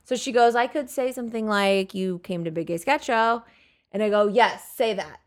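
A woman telling a long, animated story in casual chat, swearing freely and acting out what people said. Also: mid-range voice, normal speed. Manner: animated, profane storytelling with acted-out quotes.

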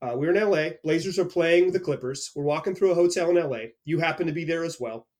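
Hosting a casual podcast interview, a man who is also a team reporter speaks fast in a fairly high voice. He's energetic and animated, telling stories with frequent restarts.

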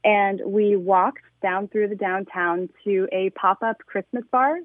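A woman's voice: medium pitch, steady tone, a little slow, no room sound. A woman calling in to a radio show, telling a story with gushing enthusiasm. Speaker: caller. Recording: tinny phone line.

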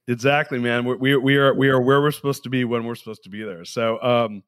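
A man's voice: medium pitch, fairly even intonation, brisk, a bit bright, clear, resonant tone, no room sound, clean studio sound. A man hosting a podcast interview, chatting enthusiastically with slangy, hyped energy over a video call. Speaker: podcast host. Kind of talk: casual interview chat.

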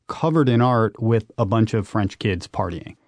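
A man, a guest on a radio interview, telling adventure stories in an animated, emphatic way. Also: fairly low pitch, moderate pace, dry recording. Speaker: guest, urban explorer and author.

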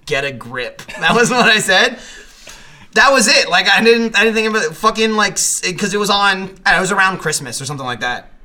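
Podcast co-host: man, high bright voice, laughing storyteller, swears. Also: big pitch swings, a little fast. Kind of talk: casual chat.

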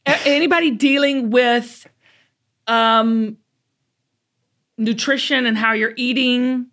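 A woman from the American South with a Southern accent, hosting a podcast in an animated, folksy, chatty way. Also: fairly high pitch, takes it slowly. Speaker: podcast host. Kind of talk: casual chat.

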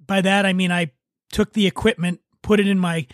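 A man hosting a podcast, telling a story in an animated, self-deprecating griping way. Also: high voice, fairly quick, no room sound, studio quality. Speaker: podcast host. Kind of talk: casual podcast chat.

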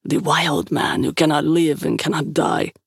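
A woman narrator voicing a guilt-ridden cursed man who speaks slowly and gravely. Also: a little high, no echo, studio quality, heavily acted. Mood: grim. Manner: grave, slow, resigned.

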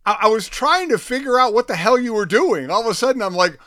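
A man's voice: sits high, expressive, quick pace, pushed and bright, dry recording, studio quality. A middle-aged man co-hosting a sports talk show, easygoing and self-mocking. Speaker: co-host.

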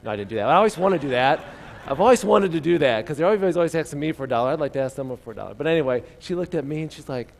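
A man preaching a sermon in a relaxed, conversational storytelling way, often asking his listeners questions. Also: on the high side, very fast, gravelly, few pauses, slight background noise.

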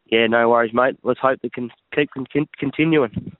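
A man's voice: mid-range voice, fairly even intonation, moderate pace. Man on a tinny phone line. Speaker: racehorse trainer guest. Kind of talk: casual phone chat.

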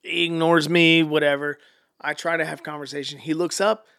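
A man with a somewhat high, gravelly voice and a bright, sharp edge to it. He tells stories casually as a podcast guest, with lots of swearing and quotes acted out in different voices. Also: normal speed. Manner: animated, profane, acts out quotes. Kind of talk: casual storytelling.

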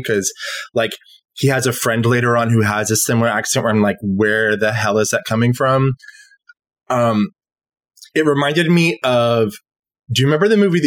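A man's voice: mid-range voice, no room sound. A man guesting on a podcast, chatting casually in a rambling way and laughing along. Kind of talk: casual chat.

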